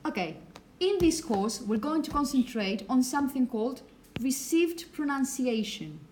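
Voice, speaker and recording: Woman teacher lecturing to a class, kinda high voice, chatty, bit of room hiss behind. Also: big pitch swings, moderate pace, darkish tone. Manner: chatty, apologetic, asks the class questions.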